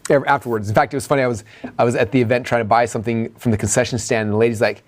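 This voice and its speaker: A man coaching others as he breaks down his own sales presentation, chatting rapidly and leaning on "like" and "right?". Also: mid-range voice, steady tone. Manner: rapid, conversational, heavy on "like" and "right?".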